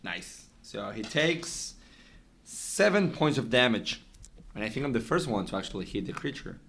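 A man playing a tabletop game, describing his character's actions in halting, non-native phrasing. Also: lowish voice, very animated, creaky, fairly bright tone, a little hiss or hum. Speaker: player. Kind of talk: casual tabletop game play.

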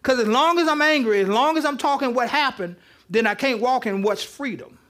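A pastor with a high-pitched voice preaching in church. He talks loosely and conversationally, teasing the congregation between points. His delivery stays informal even as he makes his case. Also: brisk. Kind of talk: interactive sermon.

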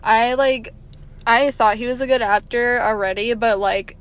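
A woman chatting casually about a film, chatty and animated, full of fillers. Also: on the high side, measured pace, clean tone. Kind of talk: casual movie review chat.

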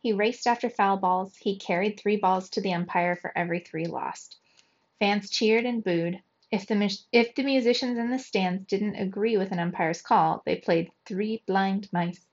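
Lady reading a chapter book to kids, mid pitch, steady, kinda muffled lo-fi sound. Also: normal speed. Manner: steady, clear reading with lively quoted shouts. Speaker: storybook reader for young children. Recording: dull lo-fi recording.

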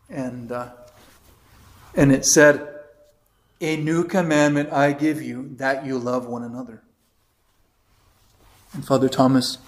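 A man with an American accent, a priest teaching a catechism class in a conversational lecture style, telling anecdotes and reading passages aloud. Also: medium pitch. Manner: conversational, tells anecdotes with quoted voices, reads passages aloud.

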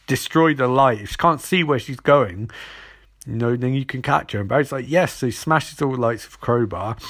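A man's voice: mid-range voice, moderate pace, a bit bright. Sarcastic rambling man recapping a show. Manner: sarcastic, rambling, acts out characters' lines. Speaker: TV episode recapper. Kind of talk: casual recap commentary.

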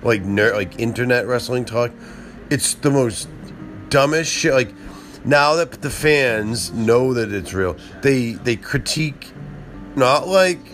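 A man's voice: medium pitch, animated, takes it slowly, fairly bright tone, soft background music. A man in his thirties talking in a rambling solo monologue, profane and interrupting himself constantly.

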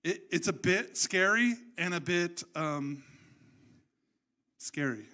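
Man, pastor, sermon, lively conversational delivery, slightly high voice. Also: slow, slight background noise. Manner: animated, conversational storytelling.

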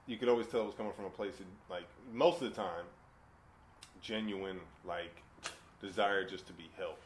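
A man's voice: low voice, normal speed. Profane joking male podcast host. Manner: profane, joking, animated storytelling. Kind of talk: casual chat. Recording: echoey room with faint background noise.

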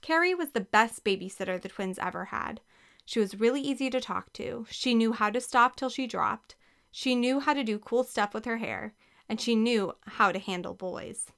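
A woman narrating a children's storybook with a lively, expressive reading. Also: fairly high pitch, moderate pace, gravelly. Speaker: audiobook narrator.

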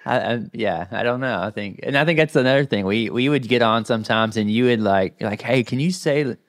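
Southern us host guy, kinda low voice, rambles w lots of likes, dry sound. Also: fairly quick, a bit bright, no echo. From southern United States. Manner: friendly, rambling, many "like" fillers. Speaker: podcast host. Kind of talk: casual conversation.

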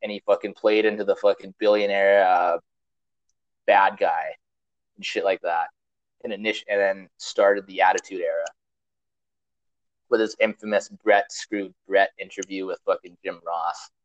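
A man's voice: deep voice, steady tone, a little slow, long pauses, no echo, lo-fi sound. A man hosting a podcast, telling a long story in a casual, rambling, profane way with lots of fillers. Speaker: podcast host.

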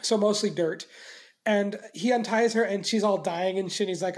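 A woman co-hosting a casual chat, recapping a film with crude jokes and quick silly voices for the characters. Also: mid-range voice, steady tone, darkish tone. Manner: crude, joking, acts out scenes in silly voices.

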